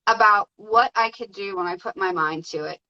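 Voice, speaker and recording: A woman guest telling her story in a casual, excited way, with many fillers. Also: mid-range voice, moderate pace, muffled recording. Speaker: podcast guest.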